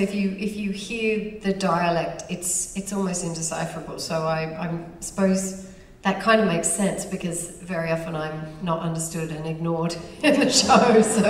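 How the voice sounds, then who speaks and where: An actress on a theatre panel, laughing and self-deprecating. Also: female voice. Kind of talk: panel discussion. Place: theatre before a live audience. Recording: echoey theatre, distant mic, faint rumble.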